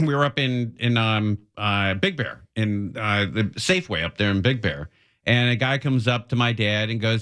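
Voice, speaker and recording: A middle-aged man hosting a live radio show, talking in a relaxed, rambling way with lots of fillers. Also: medium pitch, moderate pace, smooth. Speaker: radio host. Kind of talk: casual radio chat and live announcements.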